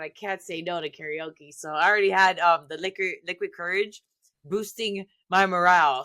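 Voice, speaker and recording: Bright-voiced excitable woman. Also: on the low side. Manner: excitable, animated, heavy use of "like". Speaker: guest. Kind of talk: casual storytelling on a podcast.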